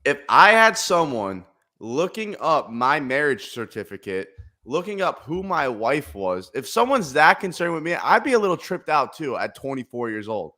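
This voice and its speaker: A man in his twenties co-hosting a casual sports podcast, sarcastic and animated as he tells stories. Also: a little high, moderate pace. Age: 20s. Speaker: podcast co-host.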